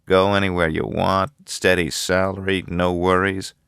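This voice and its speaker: A man voicing a bitter, anxious young male architect in an audiobook, talking in a slow, grumbling way. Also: low voice, little pitch movement, creaky, a bit bright, smooth, dry recording, studio quality, full character voice. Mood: envious.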